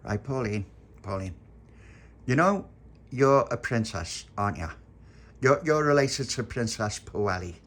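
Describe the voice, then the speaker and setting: A man's voice: mid-range voice, animated, a little slow, pauses often, a bit bright. A man voicing a clumsy, eager, simple-minded groom who talks bluntly and gets muddled.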